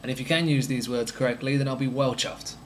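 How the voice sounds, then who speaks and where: A man gives a simple lesson on everyday slang. He speaks clearly and patiently and repeats each example slowly so learners can follow. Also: medium pitch, fairly even intonation, slight background noise. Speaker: English teacher.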